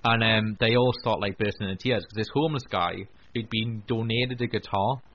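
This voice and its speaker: Low-pitched guy hosting a radio chat, rambly with lots of ums, kinda muffled recording. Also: fairly even intonation, brisk. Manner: rambling, many restarts and fillers. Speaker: radio host. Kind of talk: casual chat. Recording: dull lo-fi recording.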